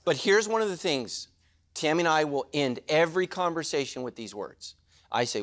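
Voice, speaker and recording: A middle-aged man preaching a sermon as a pastor, animated and jokey, with quick asides to the congregation. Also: a little high.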